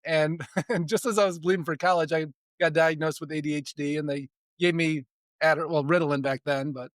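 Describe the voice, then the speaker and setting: A man in his forties with a slightly high voice, telling stories from his life as a podcast guest. He speaks casually, often restarts and repeats words, and chuckles now and then. The recording is close and dry. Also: steady tone, fairly quick, no room sound. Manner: chuckles between sentences. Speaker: podcast guest, spiritual development coach. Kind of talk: casual storytelling in conversation.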